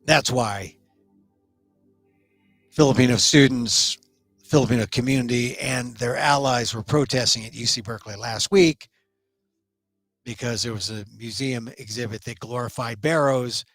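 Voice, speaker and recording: A middle-aged man hosting his own talk show, delivering an emphatic solo commentary monologue that speeds up and slows down for stress. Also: medium pitch, fairly bright tone, no room sound, faint music behind. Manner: emphatic, shifting pace for stress.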